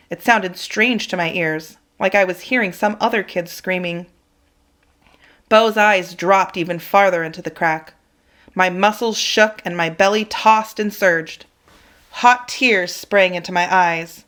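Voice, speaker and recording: A woman reading a children's chapter book aloud in an expressive, dramatic way. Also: lowish voice, a little slow. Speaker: reader for children. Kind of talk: storybook read-aloud.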